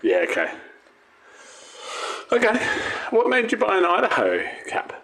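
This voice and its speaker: A man's voice: sits high, huge pitch swings, measured pace, gravelly, a bit bright. A man, a podcast co-host, bantering in casual chat with dry teasing and steering the talk to new topics.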